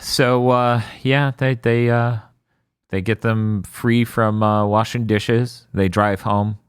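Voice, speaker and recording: A man co-hosting a casual podcast, recapping an episode with sardonic asides and quick put-on character lines. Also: medium pitch, level tone, clear, resonant tone, dry recording.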